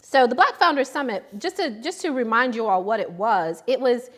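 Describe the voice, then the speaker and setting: A woman's voice: fairly high pitch, expressive, normal speed, fairly bright tone. A young adult woman hosting a live shopping show, chatting casually and upbeat, often restarting her sentences.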